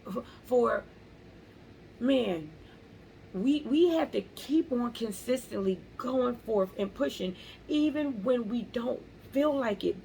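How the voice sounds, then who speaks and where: A woman's voice: a little high, lively intonation, slow pace, gravelly, mellow, a little hiss or hum, low-quality recording. A woman vlogger speaking earnestly about faith and pressing on, repeating key phrases for emphasis. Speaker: motivational vlogger. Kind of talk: casual faith-based encouragement.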